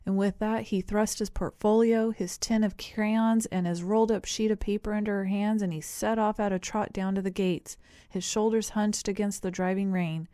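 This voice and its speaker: Woman reading a novel aloud, smooth clear voice, even and measured, no room echo. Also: mid-range voice, clean studio sound. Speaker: audiobook narrator. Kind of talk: scripted narration.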